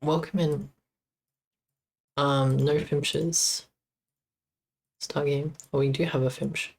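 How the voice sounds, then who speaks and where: Very low-voiced woman muttering while coding. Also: fairly even intonation, darkish tone. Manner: muttering to herself while debugging, halting. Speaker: game developer streamer. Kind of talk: casual live-stream coding commentary.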